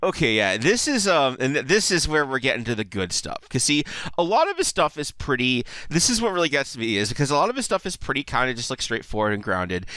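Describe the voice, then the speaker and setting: Bright, chuckling man. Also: mid-range voice, no room sound. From United States. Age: 30s. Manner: rambling and enthusiastic, lots of "like" and chuckles. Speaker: video commentator. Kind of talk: casual video commentary.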